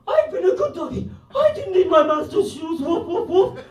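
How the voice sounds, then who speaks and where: A man's voice: very high-pitched, big pitch swings, moderate pace, a little mellow, pitched above the performer's own voice. A man yelping as a frantic puppy. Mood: panicked. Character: panicked young male puppy pleading innocence. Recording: roomy club, distant mic.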